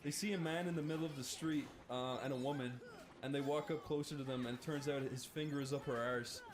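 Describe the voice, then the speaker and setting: A man's voice: mid-range voice, fairly even intonation, fast, over music. A man with an Irish accent telling a rambling, laughing anecdote full of fillers. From Ireland.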